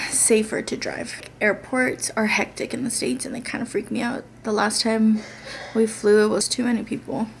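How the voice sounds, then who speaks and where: A woman's voice: a little high, vocal fry, a little hiss or hum. A young woman vlogging casually to a handheld camera, chatty and joking as she walks through her day. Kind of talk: casual vlog chat. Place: outdoors by a backyard fire, then at home.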